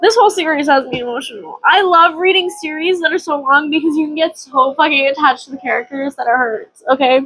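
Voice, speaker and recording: A woman's voice: sits high, fast talker, few pauses, fairly bright tone, faint music behind, poor audio. A woman talking casually in a book vlog, gushing and emotional, and reading passages aloud. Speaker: book vlogger.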